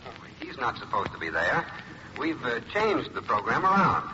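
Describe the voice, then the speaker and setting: A man speaks briskly and matter-of-factly, his pitch lively. He sounds off in a reverberant space on a dull, hissy 1941 radio broadcast. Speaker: show producer on the phone. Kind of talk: scripted radio comedy.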